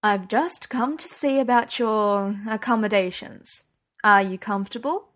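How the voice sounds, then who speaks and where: A woman reading the lines of a guarded, formal middle-aged man in an audiobook, slow and measured. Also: mid-range voice, fairly bright tone, close to an everyday voice.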